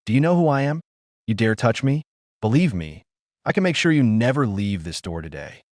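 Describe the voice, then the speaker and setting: A man's voice: mid-range voice, sing-song, normal speed, no room sound, clean studio sound, pitched above the performer's own voice. A man voicing a drunk, arrogant spoiled young man in a story, bullying and threatening.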